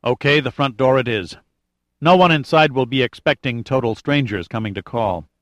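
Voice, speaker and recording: A cool, unflappable adventurer , voiced by a male reader, murmuring his plan in a low, level voice from a storybook. His pitch sits in the middle of the male range. The sound is dry and close, with no room around it. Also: moderate pace, a bit bright, dry recording, natural voice. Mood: calm. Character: cool, confident male adventurer leading a raid.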